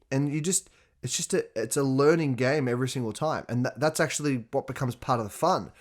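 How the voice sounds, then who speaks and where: A man hosting his own podcast, talking candidly and profanely in a casual solo monologue, laughing often and getting louder when excited. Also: mid-range voice, fast. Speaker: podcast host.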